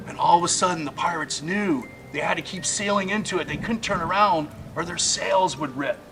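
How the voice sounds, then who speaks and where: A middle-aged man telling a spooky tale in dramatic campfire style, dropping to a hush and then swelling loud. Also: fairly high pitch, brisk, low-quality recording. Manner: dramatic, swings between hushed and loud. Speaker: storyteller. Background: music.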